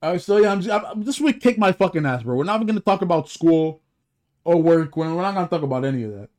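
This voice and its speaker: A man's voice: high-pitched, expressive, quick pace, a little mellow. A young man co-hosting a casual podcast chat, ranting about his week with lots of profanity and restarts. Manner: profane, rambling complaints with restarts. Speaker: podcast co-host.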